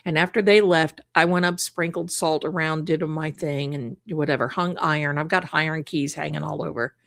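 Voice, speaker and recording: A woman's voice: low-pitched, normal speed, creaky, no room sound, studio quality. Woman telling a haunting story. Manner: animated, acts out quoted voices. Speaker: psychic show host. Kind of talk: casual storytelling. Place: home.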